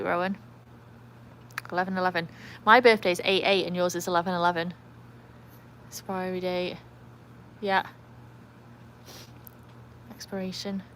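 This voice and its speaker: Speaking at medium pitch over slight background noise, an English woman runs a laid-back livestream with her trick dog. She wanders from topic to topic and reads comments from viewers aloud.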